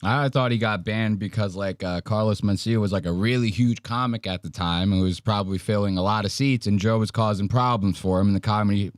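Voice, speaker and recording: A man hosting a casual commentary podcast, ranting loudly and mocking with a lot of profanity. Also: lowish voice, brisk, few pauses, dry recording, clean studio sound. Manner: loud, profane, mocking rants. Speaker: podcast host.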